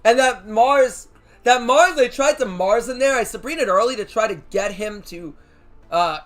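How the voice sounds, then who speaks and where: A man streaming a card game live, reacting loudly, swearing and shouting at big plays. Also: very high-pitched, moderate pace. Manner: excitable, swears, shouts at wins. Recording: faint music behind.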